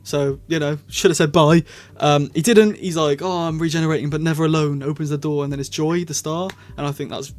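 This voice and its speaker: A man with a fairly high voice talks through his opinions in a loose, rambling way. He restarts sentences often and laughs now and then between points. It sounds like a casual spoken review. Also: a little mellow. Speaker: show reviewer.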